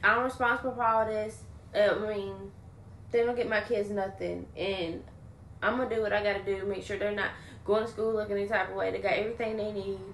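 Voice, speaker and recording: A woman's voice: medium pitch, flat delivery, fairly quick, a little hiss or hum. A young adult woman livestreaming, chatting casually and venting bluntly while she swears freely and thanks viewers. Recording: roomy echo.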